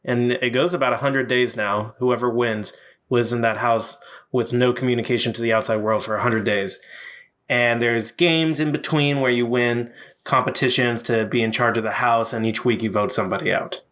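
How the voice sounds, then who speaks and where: A young man co-hosting a casual podcast. His voice sits at an ordinary middle pitch. He talks in a relaxed way and lays out explanations plainly. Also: normal speed. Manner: easygoing, explains things plainly. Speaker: podcast co-host. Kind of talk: casual chat.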